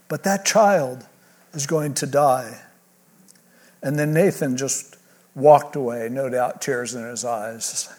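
Male pastor, slightly higher voice, conversational expository preaching with quick asides. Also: darkish tone. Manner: reads scripture aloud then paraphrases it in casual modern speech; conversational, with restarts. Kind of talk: expository sermon.

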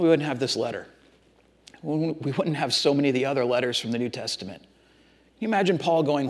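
A man's voice: medium pitch, a little fast, pauses often. A man preaching a sermon, talking straight to his congregation in an earnest, repetitive way. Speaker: pastor.

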